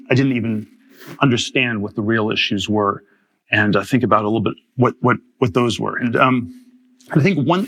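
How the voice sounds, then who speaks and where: A man in his fifties giving a public lecture, talking haltingly with many restarts and repeated words. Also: medium pitch, a bit bright, husky. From Germany. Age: 50s. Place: lecture hall.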